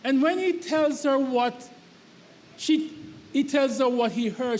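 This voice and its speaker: High-voiced preacher in a reverberant hall. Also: male voice, takes it slowly, pauses often, a little mellow. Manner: emphatic, repetitive preaching cadence. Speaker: pastor. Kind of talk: sermon. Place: church sanctuary. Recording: long church hall reverb.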